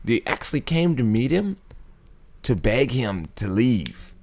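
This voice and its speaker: A man's voice: medium pitch, very animated, a little slow, a little mellow. A man hosting a casual Bible study video, retelling the story in a laid-back, slangy way with frequent chuckles. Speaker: YouTube Bible study host.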